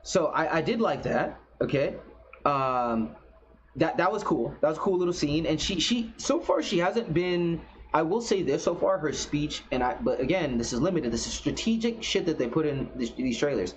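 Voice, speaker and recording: A man's voice: fairly high pitch, lively intonation, moderate pace, a little hiss or hum. A man giving casual reaction commentary on a game trailer, blunt, profane and opinionated. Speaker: gaming commentator. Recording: slightly dull recording.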